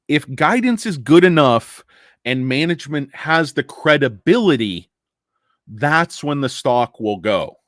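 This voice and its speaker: A man's voice: on the high side, lively intonation, a little slow, a bit bright, dry recording, clean studio sound. A man hosting a casual stock market talk, rambling and joking, tired from lack of sleep. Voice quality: rambling, joking, self-deprecating. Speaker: stock market commentator host.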